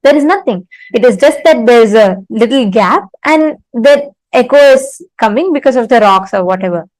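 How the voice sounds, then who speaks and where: A woman teaching an online spiritual session, speaking deliberately with fillers and asking the audience questions. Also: a little high, expressive, a little mellow, no echo, poor audio.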